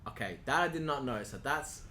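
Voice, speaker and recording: A man's voice: medium pitch, expressive, a little fast, bright, forceful tone, slight background noise. A man speaking as a podcast guest, earnest and reflective in casual conversation. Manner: earnest and reflective, says "bro".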